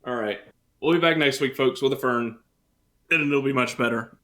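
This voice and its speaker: A man's voice: medium pitch, moderate pace, pushed and bright. A man co-hosting a streamed podcast, easygoing and teasing while he signs off, with the hiccups. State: has the hiccups. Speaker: podcast co-host. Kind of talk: casual stream chat, signing off.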